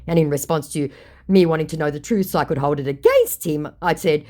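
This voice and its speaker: A woman's voice: deep voice, fairly quick, darkish tone. A woman telling a storytime vlog about chatting with a scammer, sarcastic and exasperated. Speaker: storyteller recounting a chat with a scammer.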